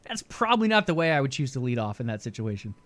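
A man's voice: mid-range voice, very animated, fast talker, a bit bright. A man co-hosting a casual gaming news stream, chatty and laughing easily with filler words. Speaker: podcast co-host.

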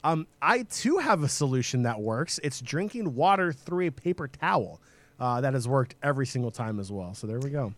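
A man's voice: mid-range voice, sing-song, moderate pace, a bit bright, dry recording. A man co-hosting a casual live stream, playful and teasing as he reads out chat messages. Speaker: stream co-host.

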